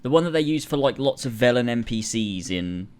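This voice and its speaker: Man, English, casual podcast chat, enthusiastic, animated intonation. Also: medium pitch, a little fast, crowd noise. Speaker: podcast co-host.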